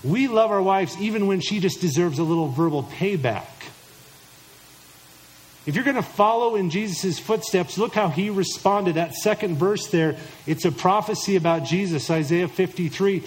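A middle-aged male pastor preaching with a high, bright voice. He speaks emphatically and directly to the men in front of him and slips into mock voices to quote imagined listeners. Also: moderate pace, low-quality recording. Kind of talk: sermon to husbands.

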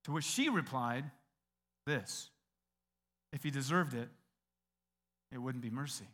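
A middle-aged American man preaching a sermon, telling a story with lively acted-out quotes. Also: mid-range voice, measured pace. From United States. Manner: animated storyteller, acts out quoted voices. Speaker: pastor.

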